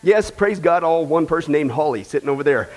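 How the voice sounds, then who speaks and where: A man's voice: on the high side, expressive, brisk. A man, a pastor, preaching a sermon in a folksy, joking way and calling his congregation folks. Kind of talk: sermon with a joke. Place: church.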